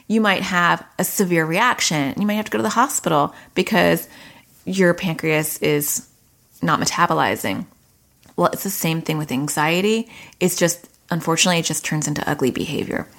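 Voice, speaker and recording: A woman's voice: fairly low pitch, creaky, fairly bright tone. A middle-aged woman therapist giving conversational advice to parents, explaining behavior through analogies and acting out quoted dialogue. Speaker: child anxiety therapist.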